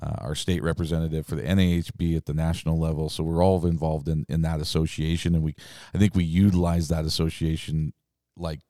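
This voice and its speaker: A podcast host speaks in an extremely low, dark and mellow voice. He chats easily with his guests and laughs along. The sound is dry and close. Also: brisk, dry recording. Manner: relaxed, conversational, laughs along. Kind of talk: casual podcast chat.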